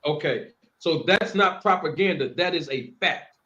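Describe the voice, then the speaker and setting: A man's voice: a little high, moderate pace, bright, forceful tone, dull audio. A man hosting a live boxing call-in show, pressing a caller with leading questions.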